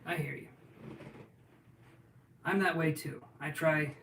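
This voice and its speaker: A chatty man with a fairly high voice gives tarot readings on a livestream, joking with his viewers as he goes. He sits back from the mic in a roomy space, and a faint hum of room noise runs underneath. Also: fairly even intonation, slow pace, creaky, fairly bright tone, recorded from a distance. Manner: joking, chatty, answers viewers' questions aloud. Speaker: tarot reader. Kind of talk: casual livestream chat.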